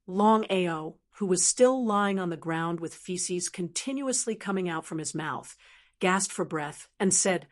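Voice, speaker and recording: A woman narrating a martial arts fantasy audiobook in a steady, even storytelling manner. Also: lowish voice, a little slow. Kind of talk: scripted narration.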